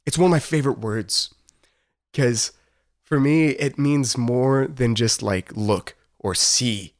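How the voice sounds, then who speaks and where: A young man hosting a casual faith podcast, talking earnestly and rambling, with frequent fillers and laughs. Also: mid-range voice. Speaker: podcast host.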